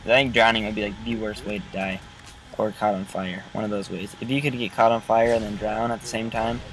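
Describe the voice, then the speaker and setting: A man's voice: on the low side, steady tone, a little fast, rough recording. A man vlogging from inside his car, telling a story in a casual, rambling, joking way, with car noise in the background. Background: passing car noise.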